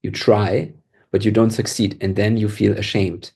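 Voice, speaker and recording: A man's voice: lowish voice, flat delivery, normal speed, creaky, mellow, slightly rough. A man co-hosting a podcast, talking intensely and emphatically and swearing freely in casual discussion. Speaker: podcast co-host.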